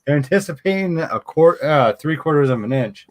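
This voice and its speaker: A man's voice: fairly high pitch, animated, normal speed. A man hosting a casual live chat, laid-back and swearing freely.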